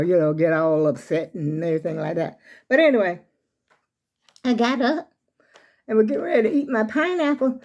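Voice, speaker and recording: An older woman vlogs casually on her phone from a small room at home, rambling and talking straight to her viewers as "y'all." Her voice is slightly high and dark-toned, with the highs cut off.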